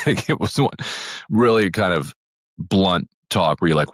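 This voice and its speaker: A man with an extremely deep voice discusses politics in a loose, rambling podcast style. He restarts sentences often and paraphrases what others said. The sound is dry and close to the mic. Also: animated, measured pace, no echo. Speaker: podcast co-host.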